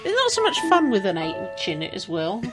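A woman co-hosting a podcast in casual chat, jokey and quick to tease the others. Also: mid-range voice, huge pitch swings, loud music behind the voice. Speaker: podcast co-host.

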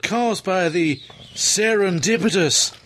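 A man co-hosting a podcast, reading news aloud slowly and laughing often in casual chat. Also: high-pitched, a bit bright, a little hiss or hum. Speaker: podcast co-host.

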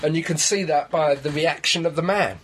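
A man co-hosting a casual commentary podcast, reflective, with halting restarts and frequent laughs. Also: on the high side, slight background noise. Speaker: podcast co-host.

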